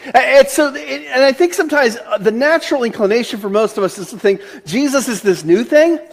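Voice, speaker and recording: A man's voice: very high-pitched, lively intonation, brisk. A man preaching a conversational sermon as pastor, chatty and joking, often restarting his sentences.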